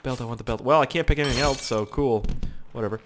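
A young man giving excitable, profane let's play commentary, humming little tunes as he plays. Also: medium pitch, quick pace, background noise. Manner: excitable, swears a lot, hums little tunes. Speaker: gaming channel host.

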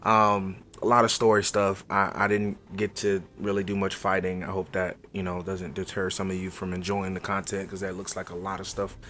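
A man's voice: low-pitched, level tone, brisk, hardly any pauses, a bit bright, a little hiss or hum. A man hosting a gaming channel, giving laid-back, chatty let's-play commentary straight to his viewers.

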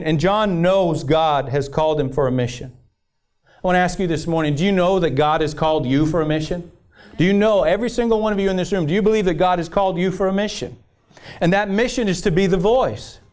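A man's voice: sits high, fairly quick, a little mellow. A man preaching a sermon with passion, repeating phrases and reading scripture aloud. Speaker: pastor.

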